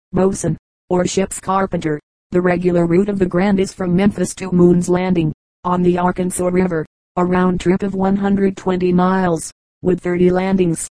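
A woman reading a travel memoir aloud in a steady, measured audiobook style. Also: lowish voice, no echo, low-quality recording. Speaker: audiobook narrator.

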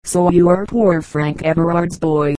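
A woman's voice: fairly low pitch, fairly even intonation, measured pace, mellow, no room sound, lightly acted, low-quality recording. A woman voicing a kindly, well-bred army captain in his thirties, speaking in a courteous, plain way.

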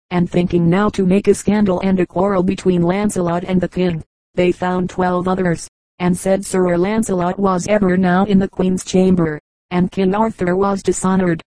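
A woman narrating an audiobook of an old legend, measured and even. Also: lowish voice, no room sound, rough recording. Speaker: audiobook reader. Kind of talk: scripted narration.

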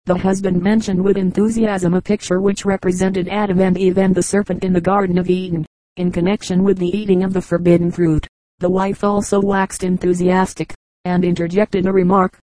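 A woman reading short humorous anecdotes aloud as an audiobook, in an even, measured storytelling manner. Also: on the low side, no echo, low-quality recording. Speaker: audiobook reader.

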